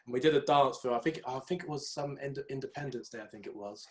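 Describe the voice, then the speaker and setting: Young man, casual podcast co-host who tells lively stories. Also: medium pitch, quick pace. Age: young adult. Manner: animated storytelling, mimics people in raised voices. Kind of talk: casual chat.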